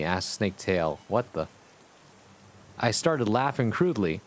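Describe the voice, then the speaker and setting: A man's voice: deep voice, normal speed. Sarcastic young man reading fanfic aloud. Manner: breaks off to mock the text, laughing and sarcastic. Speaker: streamer. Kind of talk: comic live-stream reading with commentary.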